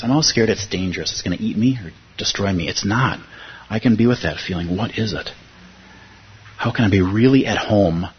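A man's voice: fairly low pitch, slightly rough, muffled recording. A man teaching meditation in a conversational dharma talk to a room of listeners, repeating key phrases and asking rhetorical questions. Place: room with a live audience.

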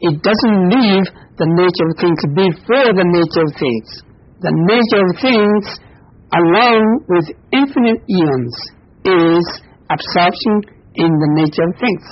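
A man gives a Buddhist dharma talk in halting non-native English, full of fillers and soft chuckles. His voice is husky and breathy, and the recording sounds dull and lo-fi. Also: sits high, lively intonation. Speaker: Buddhist teacher.

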